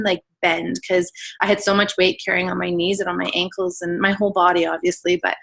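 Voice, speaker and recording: A woman's voice: lowish voice, fairly bright tone, poor audio. A woman in her thirties shares her personal story on a team call. She talks in a candid, emotional, chatty way, with plenty of filler words and the occasional restart. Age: 30s. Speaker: guest telling her weight-loss story.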